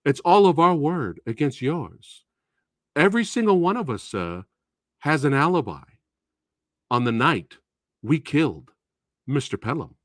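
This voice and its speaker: A man's voice: on the high side, big pitch swings, measured pace, pauses often, fairly bright tone, dry recording, clean studio sound. A man voicing polite, menacing teenage schoolboys who call everyone sir. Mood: coldly polite. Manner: overly formal, calls everyone sir.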